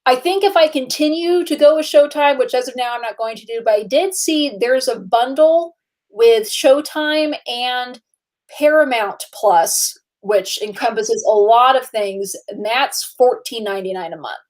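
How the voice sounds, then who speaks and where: A woman co-hosting a podcast, talking casually about what she has been watching. Her voice sits a little high. She keeps it relaxed and chatty, with easy laughs. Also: a little slow. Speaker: podcast co-host. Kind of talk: casual chat.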